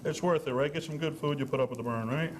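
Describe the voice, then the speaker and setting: This is a man hosting a cooking show, talking quickly in a slightly high voice. He chats briskly and serves his guest with easy hospitality. His brisk patter moves the segment along. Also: a little hiss or hum. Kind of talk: casual chat.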